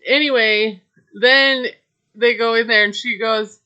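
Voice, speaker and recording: A woman recapping a reality episode in a slow, unhurried way, gossiping and passing judgment between her fillers. Her voice is bright and forward, and the recording sounds somewhat dull and lo-fi. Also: a little high, fairly even intonation, clean tone. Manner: chatty, gossipy, judgmental asides with filler words. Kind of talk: casual recap monologue.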